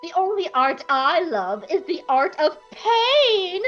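A sadistic female imperial officer, as a woman puts her on, gloating in a very high, drawn-out, theatrical voice. She relishes cruelty and swings her pitch around a lot. The audio is slightly dull, with soft music underneath. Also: sing-song, exaggerated voice.

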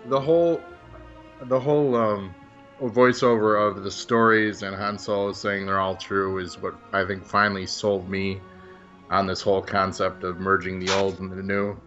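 Low-voiced man chatting casually. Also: flat delivery, moderate pace, fairly bright tone. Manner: chatty, agreeable, laughs easily. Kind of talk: casual group chat about films. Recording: dull lo-fi sound, faint music behind.

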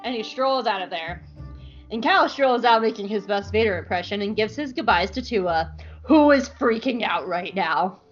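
A woman's voice: medium pitch, animated, moderate pace, muffled recording, soft background music. A woman hosting a podcast who recaps an episode in a playful, giggly, casual way. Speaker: podcast host.

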